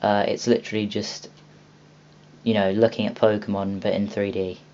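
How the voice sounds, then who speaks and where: Young man, low voice, rambling and casual, dull lo-fi recording, faint hiss. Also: little pitch movement, normal speed, a little mellow. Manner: rambling, many ums and restarts. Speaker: video host reviewing a game store. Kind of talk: casual video walkthrough.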